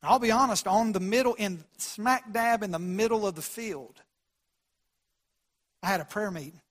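A pastor preaching a sermon, shifting from quiet storytelling to loud, fervent pleas. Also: male voice, high voice, normal speed, long reverb tail. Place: church sanctuary.

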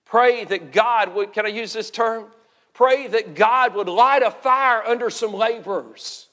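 High-voiced preacher in a reverberant hall. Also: male voice, a bit bright. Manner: earnest, repeats words, stresses key phrases slowly. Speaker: pastor. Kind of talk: sermon.

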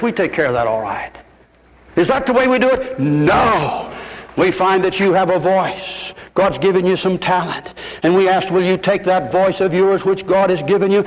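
Older preacher in a reverberant church. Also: male voice. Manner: impassioned preaching, rising to high exclamations. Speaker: pastor. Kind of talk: sermon.

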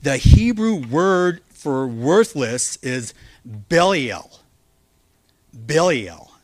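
Male pastor, sermon, unhurried delivery, emphatic, dry recording. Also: mid-range voice, sing-song, no echo. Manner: earnest, emphatic preaching with slowed, stressed key words. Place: church.

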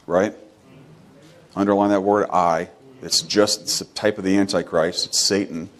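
A man preaching a sermon with emphatic delivery, repeating phrases and swinging between loud, high exhortation and quiet, low asides. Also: steady tone, normal speed.

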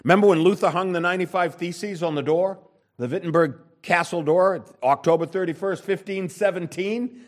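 A man preaching a sermon, emphatic, with wide swings between loud and soft and frequent rhetorical questions to the congregation. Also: high-pitched, moderate pace. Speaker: pastor.

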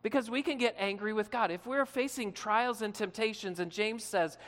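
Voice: mid-range voice, moderate pace, a bit bright, in a large hall. A pastor preaching a sermon in a conversational way, asking the listeners questions and acting out short quotes.

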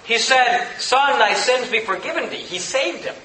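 A male pastor preaching a sermon in an emphatic, conversational way with quick asides. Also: very high voice, lively intonation, reverberant, noisy background.

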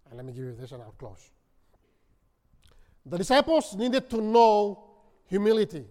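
A man preaching a sermon, telling a story dramatically and swinging from loud to hushed. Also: sits high. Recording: long reverb of a hall.

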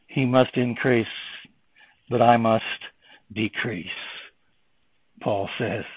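A man preaching a sermon with impassioned delivery that swings between loud emphasis and hushed tones. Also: mid-range voice, steady tone, slow, slightly rough, no echo. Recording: tinny phone-like, dry.

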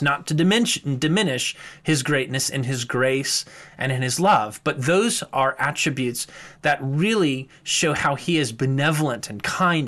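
A man preaching a morning devotional sermon, teaching steadily and slowing down to read scripture aloud. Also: a little high, a bit bright.

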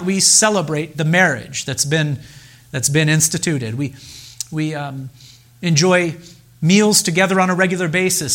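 A pastor delivers a sermon in a slightly raised male voice. He speaks deliberately and with emphasis, pausing often and repeating key phrases. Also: a little high, fairly bright tone.

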